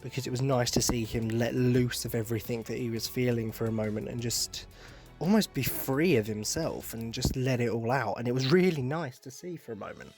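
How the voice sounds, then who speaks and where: A man's voice: mid-range voice, a little fast, darkish tone, soft background music. Sarcastic man ranting. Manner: sarcastic, profane, exasperated. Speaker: podcast host. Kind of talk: casual podcast rant.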